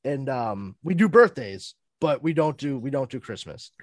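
Lively, cussing podcast storyteller man. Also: medium pitch, normal speed, no room sound, clean studio sound. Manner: animated, profane storyteller. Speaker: podcast panelist.

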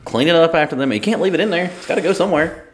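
A man, telling stories in animated casual chat on a podcast. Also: fairly high pitch, crowd noise. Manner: rapid, animated storyteller. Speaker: podcast co-host.

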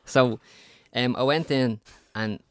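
A man's voice: mid-range voice, slow, clean tone, no echo, studio quality. A young man co-hosting a podcast, telling a story in casual, rambling chat with many stop-start restarts. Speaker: podcast co-host.

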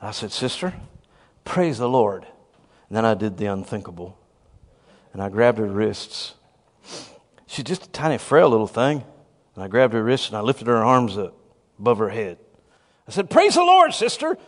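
A man preaching a sermon, telling a story and bursting into shouts of praise. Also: on the low side, moderate pace, long pauses.

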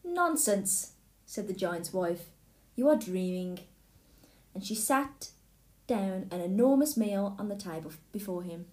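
A woman reading a fairy tale aloud in a clear, steady way. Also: mid-range voice, moderate pace. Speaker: storyteller. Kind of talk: storybook read-aloud. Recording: echoey room.

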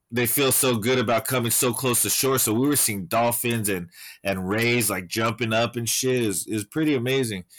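A man's voice: on the low side, a bit bright, dry recording. A man in casual chat, a profane, rambling storyteller who leans on fillers.

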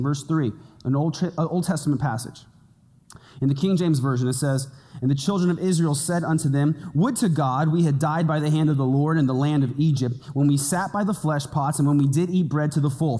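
A man's voice: on the high side, a little mellow. A man preaching a sermon as pastor, teaching in a conversational way with playful asides. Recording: long hall reverb.

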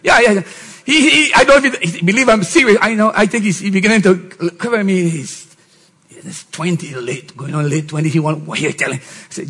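A middle-aged man, a pastor, preaching a sermon and often rising to shouted emphasis with mocking put-on voices. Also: high-pitched, brisk, breathy edge, poor audio.

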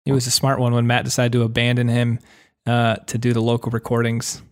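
A man co-hosts a podcast with a mid-range voice. He talks in relaxed chat, full of jokes and teasing toward his partner. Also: mid-range voice, a little fast. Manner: teasing, jokey. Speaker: podcast co-host. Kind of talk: casual chat.

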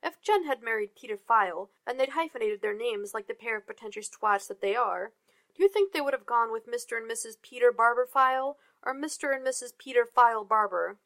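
A woman voicing a sarcastic male office IT worker, reading it loudly and mockingly. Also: on the high side, a little fast.

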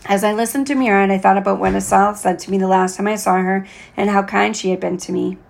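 A woman narrates an audiobook chapter in the first person, calm and steady. Her voice has a creaky, gravelly texture, and the reading stays even and unhurried. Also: mid-range voice. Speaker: audiobook reader.

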